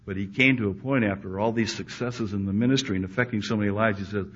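A male preacher delivering a sermon to a live congregation, dropping to hushed, intimate lines and then rising to loud, emphatic ones. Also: lowish voice, fairly even intonation, fast talker. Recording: muffled recording with faint background hiss.

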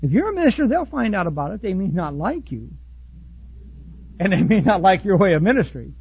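Husky high-voiced male preacher, blunt and folksy. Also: sing-song, a little fast, dull audio. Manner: blunt, folksy preaching with sudden loud outbursts and soft asides. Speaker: pastor. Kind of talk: sermon.

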